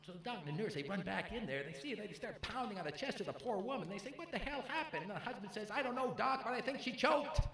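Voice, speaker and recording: A man doing a Jack Lemmon impression, playing an excitable, chummy older joke-teller telling a story on stage in a live show. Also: sits high, quick pace, hardly any pauses, background noise, pitched above the performer's own voice. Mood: chummy storytelling. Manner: fussy, sputtering, loud bursts. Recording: echoey live club, mic at a distance.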